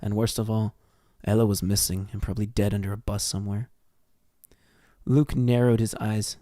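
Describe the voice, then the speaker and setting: A man's voice: fairly low pitch, flat delivery, moderate pace, warm tone, no room sound, studio quality. An American man reading a fan fiction story aloud on a stream, swearing freely and stumbling over words as he reads. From United States.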